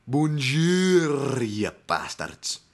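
A gruff, blustery cartoon groundskeeper bellows in a thick, put-on Scottish brogue, as a man does the impression. The voice jumps well above his usual register. Loud and hammy throughout. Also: medium pitch, very animated, very slow, pitched above the performer's own voice, full character voice.

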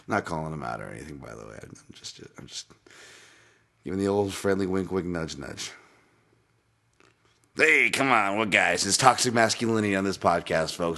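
Give me a deep-voiced man hosting a casual podcast, rambling and swearing as he drifts off track. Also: moderate pace, pauses often, a bit bright. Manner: rambling, profane, goes off on tangents. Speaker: podcast host.

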